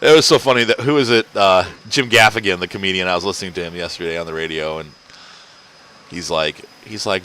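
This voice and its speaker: A man's voice: low voice, fast talker, sharp tone, smooth. A man hosting a casual let's-play, rambling and chatty and laughing often as he plays at home. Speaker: gaming channel host. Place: home, indoors.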